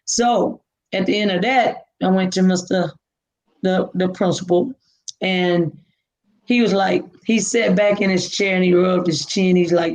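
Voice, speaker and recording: A woman's voice: lowish voice, unhurried, low-quality recording. A woman, a guest from Alabama telling a personal story and acting out the dialogue. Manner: animated, acts out dialogue.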